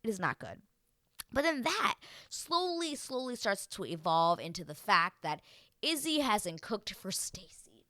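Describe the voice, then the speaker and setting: A woman hosting a casual reality TV recap, animated, acting out what the people she describes said. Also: medium pitch, unhurried, dry recording, clean studio sound. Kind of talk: casual chat.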